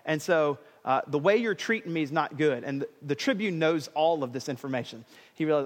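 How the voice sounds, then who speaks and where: Male pastor, casual and joking sermon delivery, slightly high voice, echoey hall. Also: animated, brisk. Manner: casual and joking, with modern slang.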